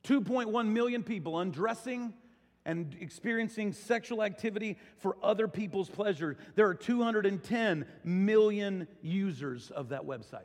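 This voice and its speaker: A male pastor preaching a sermon in a large church auditorium, talking conversationally and building into animated storytelling. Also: high voice, moderate pace. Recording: long hall reverb.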